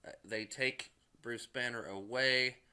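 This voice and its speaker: A man's voice: mid-range voice, steady tone, takes it slowly, bright, forceful tone, clear, resonant tone. A man casually recapping a movie in a rambling way, packed with filler words and swearing. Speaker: movie reviewer.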